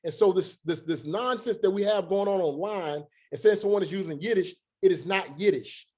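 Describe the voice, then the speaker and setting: A man teaching a Bible study in a relaxed, conversational way, with joking asides and slow, drawn-out emphasis. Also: high voice. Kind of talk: casual scripture teaching.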